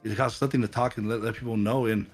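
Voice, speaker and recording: Fast-talking earnest pastor, a man. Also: mid-range voice, steady tone, breathy edge, soft background music. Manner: earnest, repeats words as he searches for them. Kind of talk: casual faith conversation.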